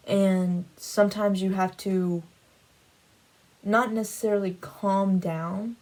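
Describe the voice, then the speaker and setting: On a rough recording, a Christian vlogger with a lowish, darkish voice recounts a dream in a loose, rambling way, peppered with "like." She ends by drawing a faith lesson from it.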